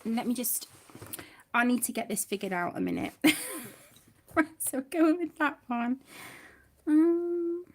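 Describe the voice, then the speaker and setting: A woman's voice: sits high, big pitch swings, a little slow, pauses often. A woman hosting a chatty craft livestream from home, a little flustered, talking to herself as she works and greeting viewers fondly as sweetheart. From United Kingdom. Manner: flustered, talks to herself while working, calls viewers sweetheart. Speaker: livestream host.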